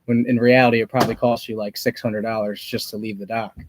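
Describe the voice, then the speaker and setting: A man's voice: lowish voice, little pitch movement, quick pace, slight background noise. Joking, wry man on a livestream. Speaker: host. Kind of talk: casual livestream chat.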